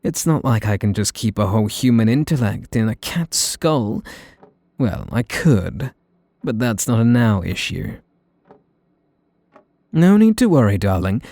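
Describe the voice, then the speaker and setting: Soft, teasing, and condescending, a British man performs an exaggerated ASMR role-play as a possessive, sweetly menacing young mage. His voice sits fairly low and sounds creaky. The recording is dry.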